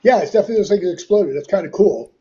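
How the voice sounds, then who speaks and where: A man's voice: sits high, lively intonation, rapid-fire, mellow, a little hiss or hum. Teasing man on a lo-fi line. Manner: teasing, quiz-like banter. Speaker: podcast co-host. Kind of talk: casual chat.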